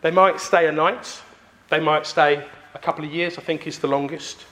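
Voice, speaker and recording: A man, preaching a sermon emphatically with pauses for effect. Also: a little high, fairly even intonation, a bit bright.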